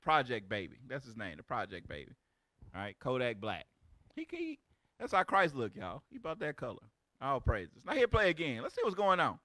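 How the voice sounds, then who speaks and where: Animated, bright-voiced man in his forties. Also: on the high side, brisk, faint music behind, some chatter behind. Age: 40s. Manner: loud, exclamatory, street-talk banter. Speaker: teacher of a religious group. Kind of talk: animated preaching commentary on videos.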